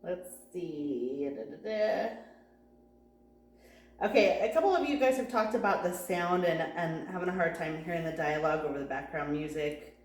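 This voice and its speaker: A woman's voice: on the low side, lively intonation, normal speed. A woman co-hosting a farm vlog Q&A, upbeat and casual, reading out viewer comments. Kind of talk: casual Q&A chat. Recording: roomy echo.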